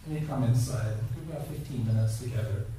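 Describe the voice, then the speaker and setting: An older man gives a dharma talk in a temple hall, telling stories with playful asides in a mellow, medium-pitched voice and speaking fast. It's recorded from far off in the echoey hall, with background noise.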